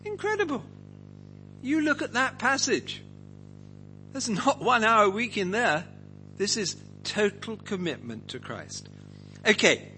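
Animated man teaching the Bible. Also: high-pitched, slight background noise, low-quality recording. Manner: animated, questions the group, acts out quotes. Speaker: preacher leading a Bible study.

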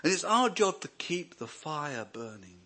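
Husky man preaching. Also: on the high side, measured pace. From Wales. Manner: animated, joking, with many restarts. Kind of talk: sermon.

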